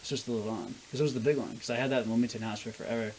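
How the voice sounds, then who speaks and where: Tipsy young guy rambling fast with lots of swearing, faint hiss behind him. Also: medium pitch, fairly even intonation, a little mellow, rough recording. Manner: loose, profane storytelling, drunk. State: drunk. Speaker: guest. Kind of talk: casual drinking chat.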